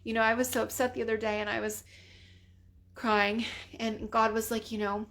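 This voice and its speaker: An earnest woman leads a spontaneous spoken prayer, talking casually with frequent fillers and sometimes sinking to a soft near-whisper. Her voice is gravelly with vocal fry and sits a little high. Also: level tone, normal speed. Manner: earnest, conversational, full of "you know" and "like". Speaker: prayer leader.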